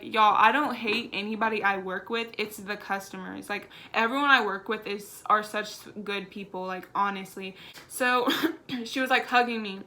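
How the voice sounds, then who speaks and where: A young woman telling a storytime vlog in a chatty, animated way, full of "like". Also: mid-range voice. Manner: chatty and animated, heavy use of "like". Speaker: vlogger.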